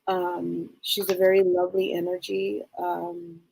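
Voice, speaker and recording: A woman co-hosting a live show as a psychic medium, gently relaying messages and often searching for her words. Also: lowish voice, flat delivery, measured pace, vocal fry, husky, low-quality recording.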